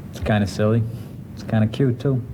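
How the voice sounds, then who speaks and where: An actor playing a weary career thief who talks in a dry, matter-of-fact way, in a film scene. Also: male voice, fairly low pitch, fairly even intonation, brisk, noisy background, natural voice. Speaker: professional robber. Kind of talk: film dialogue.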